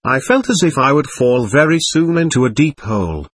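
A man reading a first-person memoir aloud in a plain, measured storytelling manner. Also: mid-range voice, expressive, breathy edge, no echo.

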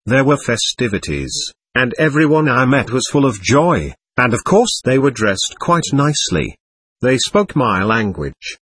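Man, story narration, husky tone, lively pitch, dry recording. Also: no room sound. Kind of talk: first-person story reading.

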